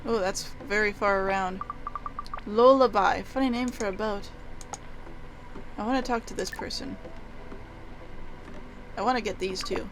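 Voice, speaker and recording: Relaxed woman musing over a game. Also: medium pitch, a little slow, long pauses, background noise. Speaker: let's play host. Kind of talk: casual game commentary.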